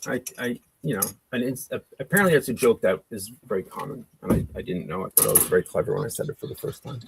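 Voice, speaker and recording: A man's voice: fairly low pitch, animated, fast talker, slight background noise. A man in his forties chatting casually and rambling while painting, often cutting himself off and swearing. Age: 40s. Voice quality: gravelly.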